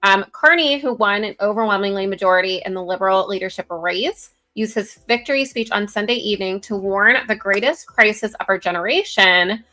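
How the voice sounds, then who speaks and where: A woman co-hosting a casual political commentary show over a video call, chatty and giggly, reading news aloud with quick asides. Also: mid-range voice, sharp tone. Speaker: co-host. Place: home, virtual background.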